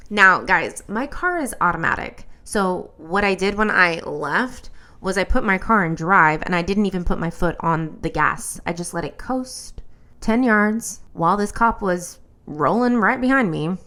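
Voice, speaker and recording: A woman host telling a personal story as commentary, in an animated, blunt and exasperated way. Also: medium pitch, a little slow.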